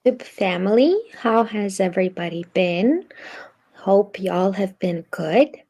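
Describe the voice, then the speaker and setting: Calm, mellow-toned woman YouTuber, built-in mic sound. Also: mid-range voice, takes it slowly, slightly rough. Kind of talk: vlog intro.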